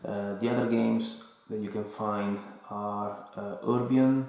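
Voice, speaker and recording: A man with an Italian accent calmly reviewing a board game and explaining its rules, in an unhurried, slightly hesitant way. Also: fairly low pitch, slight background noise. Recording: very echoey room.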